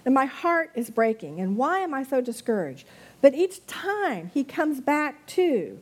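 A woman's voice: high-pitched, very animated. Earnest woman preaching a sermon. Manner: earnest, reads scripture slowly and softly. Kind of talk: sermon with scripture reading.

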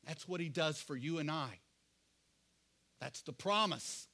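A middle-aged male pastor preaching a sermon, earnest, often asking the congregation questions and dropping to quiet asides. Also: fairly high pitch, expressive, unhurried.

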